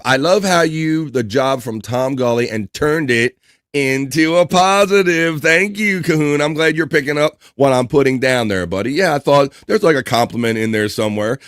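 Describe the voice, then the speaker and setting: Male stream host, mid-pitched, chatty, runs down chat names and shout-outs; dry, close sound. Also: expressive, no room sound. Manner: chatty, reads usernames and shout-outs aloud, quick asides. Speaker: livestream host. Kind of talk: reading out live chat messages.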